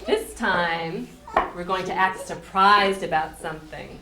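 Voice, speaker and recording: A woman's voice: on the low side, measured pace. A woman teacher leading rhymes and reading a picture book to young children in a patient, sing-song way, recorded in a classroom. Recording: echoey room, distant mic, noisy.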